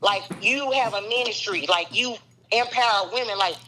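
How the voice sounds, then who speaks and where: Woman in her thirties, high and bright, angry and confrontational podcast guest. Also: moderate pace, a little hiss or hum, poor audio. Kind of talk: heated argument on a podcast call.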